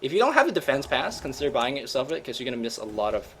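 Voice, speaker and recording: A man hosting and commentating game replays, with energetic, joking, slangy delivery. His voice sits at a middle pitch, with a faint hiss behind it. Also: rapid-fire. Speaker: host and caster.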